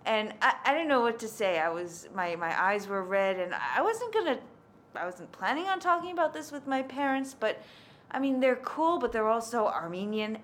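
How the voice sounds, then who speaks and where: A woman tells a personal story in a candid, conversational manner, with a mid-range voice. There is a faint hum of noise behind her. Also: medium pitch. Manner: conversational, candid, lively in quoted speech.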